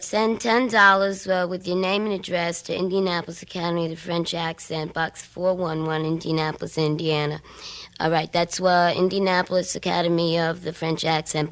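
A woman's voice: fairly low pitch, fairly quick, rough recording. A woman doing a bored, mumbly ad announcer. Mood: flat. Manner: flat, mumbly, hesitant reading. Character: bored ad announcer reading an address.

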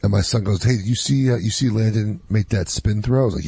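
A man in his thirties in casual chat, an animated storyteller who acts out quotes and laughs. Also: fairly low pitch, fast talker, gravelly, husky, no echo. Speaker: youth softball coach and father.

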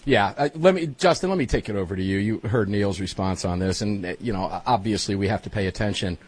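A man hosting a political talk show, emphatic and quick to cut in. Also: on the low side, husky, no room sound. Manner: emphatic, interjecting. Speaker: host.

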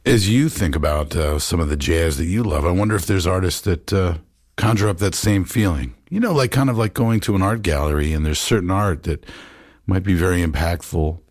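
A man with a very low voice hosts a jazz radio program. He talks casually and wanders a little, filling gaps with "uh" and "you know". The sound is close and dry. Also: a little fast, darkish tone, dry recording. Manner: musing, rambling, with many fillers. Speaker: radio jazz show host. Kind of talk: casual radio talk about records.

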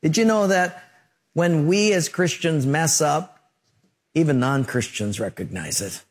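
A middle-aged male pastor preaching a sermon, telling lively stories with sound effects and acted-out quotes. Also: a little high, a little slow, in a large hall.

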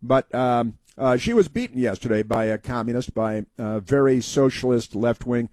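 Male talk radio host, rambling folksy storyteller, warm mellow voice. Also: medium pitch, expressive, no room sound. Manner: halting, many uh fillers and restarts.

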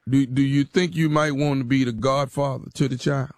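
A man making a radio prank phone call, talking in a deadpan, provocative drawl full of slang. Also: mid-range voice, normal speed, no echo, clean studio sound.

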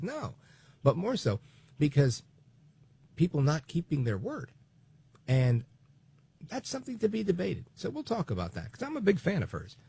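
A man in his late forties hosting a political talk radio show, chatty and digressive, with lively bursts of emphasis. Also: medium pitch, gravelly, slightly rough. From New Jersey, USA.

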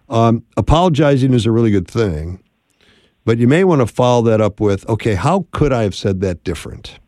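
A man's voice: fairly low pitch, warm tone, no room sound, studio quality. A man hosting a call-in radio advice show, talking in an encouraging, conversational way.

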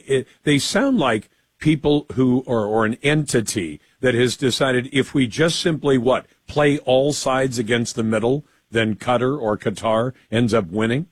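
A man hosting a radio talk show, brisk and conversational as he puts long questions to his guest. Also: medium pitch, husky, no echo.

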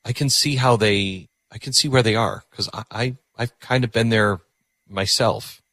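A man's voice: lowish voice, fairly even intonation, normal speed, pushed and bright, no echo, studio quality. A man hosting a call-in radio show, talking earnestly and reflectively, often repeating words as he thinks aloud. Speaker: radio talk show host.

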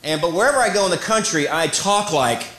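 A man from the Midwest doing a live stand-up routine, animated and slipping into mock voices. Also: sits high, fast. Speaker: stand-up comedian. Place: comedy club stage before a laughing audience. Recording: roomy live club recording with audience.

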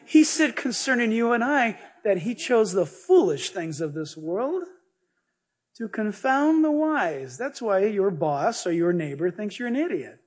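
A male pastor preaches with animated, joking energy, slipping into stories as he goes. His voice sits high for a man and has a husky edge. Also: measured pace. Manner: animated, jokey, storytelling preacher. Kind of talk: sermon.

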